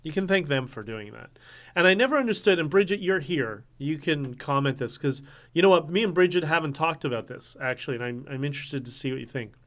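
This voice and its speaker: A man hosting a casual livestream, talking in an animated, ranting way and swearing now and then. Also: on the high side, brisk. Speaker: livestream host.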